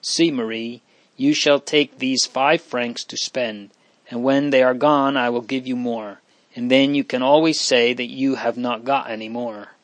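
A man's voice: mid-range voice, steady tone, unhurried, no echo, close to an everyday voice. Male reader doing an earnest young noble boy, storybook, dry close sound. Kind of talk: audiobook reading.

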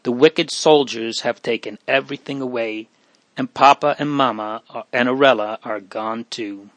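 A man reading an audiobook, voicing a grieving older brother who speaks low and earnestly. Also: normal speed, a bit bright, no echo, natural voice.

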